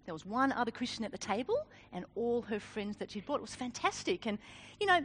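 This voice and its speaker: Lively high-voiced woman preaching. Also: brisk, slight background noise. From Australia. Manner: animated, self-deprecating, laughs often. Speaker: speaker. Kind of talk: sermon with personal story.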